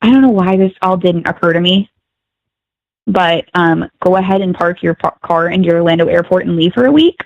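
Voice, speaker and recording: A woman calling in to a podcast as a guest, chatting upbeat and quick with her asides. Her line sounds a bit dull and lo-fi, and dry with no room around it. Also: lowish voice, no echo. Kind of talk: casual chat.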